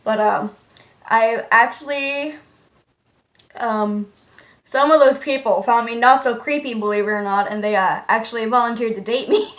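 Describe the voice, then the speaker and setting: A woman vlogger answering viewer questions in a casual, rambling way, with lots of "uh" fillers and stretches where she drops to a soft murmur. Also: a little high, normal speed. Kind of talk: casual Q&A vlog. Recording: roomy echo with faint background noise.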